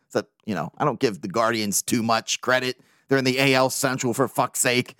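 Male podcast host, animated fan, profane and lively, dry booth sound. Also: medium pitch, no echo. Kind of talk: casual sports podcast talk.

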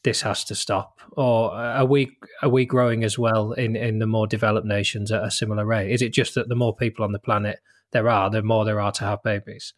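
A man's voice: lowish voice, little pitch movement, brisk. A man asking curious questions on a podcast, with a joking manner. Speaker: podcast panelist. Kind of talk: casual podcast discussion.

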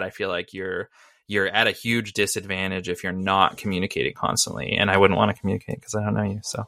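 A man's voice: low voice, little pitch movement, fast talker, gravelly, pushed and bright, no echo, studio quality. A man co-hosting a casual podcast chat about video games, rambling with lots of fillers and little laughs. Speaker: podcast co-host.

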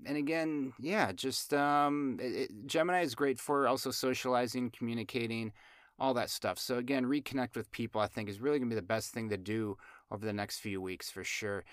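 A man of middle pitch talks in a loose, conversational way, full of "um" and "uh" and restarted phrases. He sounds close and dry. He drops jokey asides as he goes. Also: brisk, clean tone, no room sound. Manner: rambling, many fillers and restarts. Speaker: astrology show host. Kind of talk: casual chat.

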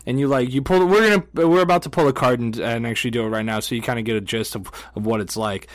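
A man's voice: medium pitch, fast talker, no echo. A man co-hosting a podcast in casual chat, laid-back and jokey, often trailing off and restarting. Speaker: podcast co-host.

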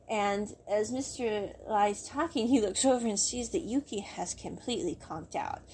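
Chatty woman recapping a drama, mellow. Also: mid-range voice, a little hiss or hum. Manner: chatty, rambling, laughs at the story. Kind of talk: casual plot recap.

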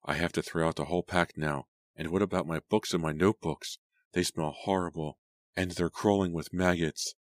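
A man reading the lines of a bitter, frightened teenage girl in a low, murmuring voice. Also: steady tone, normal speed, dry recording, studio quality, close to an everyday voice.

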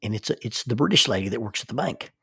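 A man's voice: medium pitch, lively intonation, quick pace, vocal fry, bright, forceful tone, husky, no room sound, studio quality. An American man, a counselor and minister, telling a personal story in a casual, rambling way and often repeating words as he thinks aloud. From United States.

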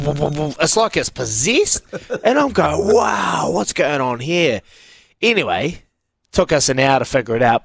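A man co-hosting a radio show, telling a story in casual chat and acting out the quotes. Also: medium pitch. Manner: animated yarn-spinning with laughs and acted-out quotes. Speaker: radio co-host.

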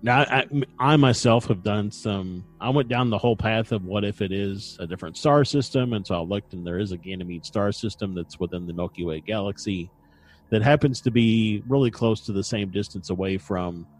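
Lower-voiced man telling a story on a podcast. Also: normal speed, faint music behind. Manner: dry humor, many fillers. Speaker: podcast host. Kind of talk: casual chat and storytelling.

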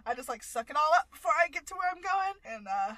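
A woman's voice: high voice, big pitch swings, fast, sharp tone, no room sound. A young woman co-hosting a podcast, chatting candidly about a TV show, swearing freely and laughing often. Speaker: podcast co-host. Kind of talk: casual chat recapping a TV show.

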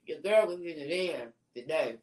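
A woman's voice: low-pitched, expressive, normal speed, a little mellow. A woman co-hosting a casual live-stream chat, talking in a laid-back, slangy way. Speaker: co-host.

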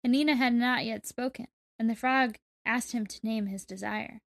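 A woman reads a folk tale aloud for a comedy podcast, playful and ready to laugh at her co-host. Her voice sits a little on the high side. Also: moderate pace, gravelly. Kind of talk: storytelling read-aloud with joking asides.

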